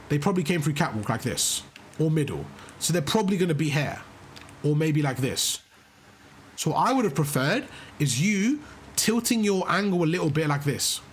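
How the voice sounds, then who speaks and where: His voice leans high, and there's a little background noise. As a gaming coach doing live commentary, he cheers the player on and breaks things down one step at a time, repeating himself often.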